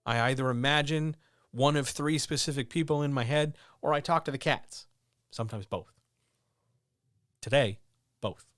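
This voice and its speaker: A man's voice: mid-range voice, moderate pace, long pauses, fairly bright tone, dry recording. Blunt, earnest man on a dry mic. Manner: blunt, earnest, swears freely. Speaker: streamer host. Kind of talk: candid motivational monologue. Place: at home with his cats. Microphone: talking into a microphone.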